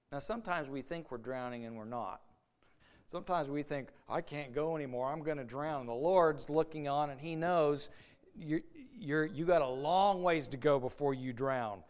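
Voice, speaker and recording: A man delivering a sermon, earnest and plain-spoken, who stumbles and repeats words as he presses his point. His voice sits high and sounds clear and resonant. He slips into the voices of doubters to make his case. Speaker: preacher.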